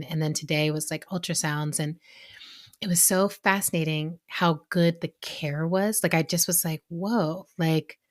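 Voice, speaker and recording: Chatty woman podcast host telling stories. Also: low voice. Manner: chatty storyteller, many "like"s, bursts of laughter. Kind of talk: casual chat.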